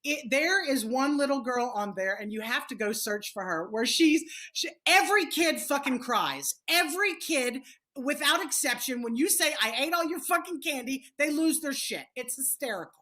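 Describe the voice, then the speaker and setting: A woman's voice: sits high, moderate pace. A woman comedian with a Louisiana accent telling brash, profane stories in casual chat over a video call. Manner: brash, profane, animated storytelling. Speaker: guest comedian.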